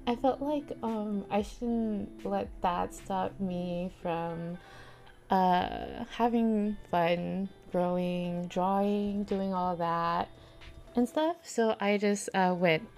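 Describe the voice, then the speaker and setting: Gravelly young woman streamer chatting. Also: medium pitch, very slow, darkish tone, soft background music. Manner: rambling, filler-heavy, reads chat aloud. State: near tears. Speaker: livestreamer. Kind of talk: casual chat.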